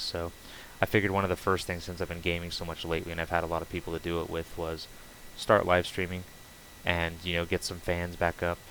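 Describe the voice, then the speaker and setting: A man's voice: deep voice, a bit bright, a little hiss or hum, rough recording. A man casually chatting while streaming a game, rambling loosely with many fillers and restarts. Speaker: streamer building on a game server.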